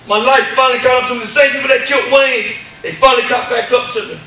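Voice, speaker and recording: A man giving an impassioned church testimony, stammering through repeated words and building up to shouts. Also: very high voice, steady tone, quick pace, very echoey, recorded from a distance, poor audio. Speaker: testimony speaker. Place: church hall.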